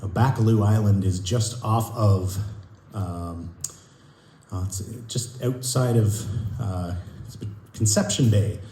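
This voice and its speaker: A man chatting to a live concert audience between folk songs, halting and restarting, with dry jokes. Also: fairly low pitch, dark tone, a little hiss or hum. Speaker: folk singer and musician. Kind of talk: casual stage banter between songs. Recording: roomy church hall, live.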